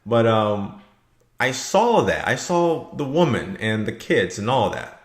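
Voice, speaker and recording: A man's voice: mid-range voice, very animated, takes it slowly. A man giving blunt, rambling opinion commentary for his video channel. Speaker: vlogger. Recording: echoey room.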